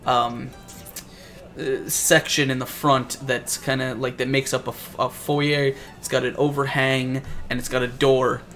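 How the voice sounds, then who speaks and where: A man's voice: mid-range voice, flat delivery, unhurried, a bit bright, soft background music. A man narrating as game master for a tabletop game, rambling and searching for words as he describes scenes.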